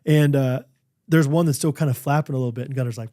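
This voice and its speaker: A man's voice: medium pitch, quick pace, dry recording, clean studio sound. A young man co-hosting a podcast, telling a hunting story in casual chat with lots of fillers. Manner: animated storyteller, many fillers. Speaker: podcast co-host. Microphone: studio microphone.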